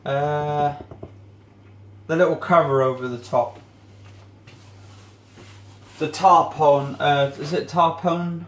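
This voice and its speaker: A man's voice: on the high side, a little slow. Man, casual rambling vlog, searches for words, echoey kitchen, faint hiss. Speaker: vlogger. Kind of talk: casual rambling monologue while cleaning. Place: home kitchen, indoors.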